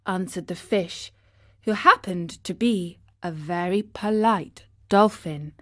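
A woman narrating a storybook for children with a clear, expressive reading. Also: fairly low pitch, slow, no echo, studio quality.

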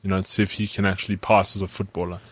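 Low-voiced man reading sports news. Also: little pitch movement, no echo. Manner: measured, reads out news items. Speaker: podcast co-host. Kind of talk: casual sports chat.

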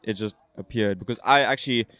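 A man's voice: fairly low pitch, fast talker, a bit bright, no echo. A man chatting as a guest at an outdoor interview, rambling and slangy, holding a handheld mic. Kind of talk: casual chat. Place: outdoors at a skate park. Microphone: handheld microphone.

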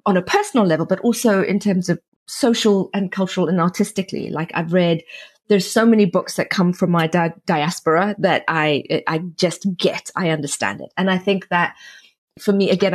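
A woman actress from South Africa, talking about her craft in a relaxed interview. Her voice sits a little low and has a husky edge. She speaks in an animated, chatty way, full of quick restarts. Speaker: audiobook narrator and actress. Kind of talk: conversational interview.

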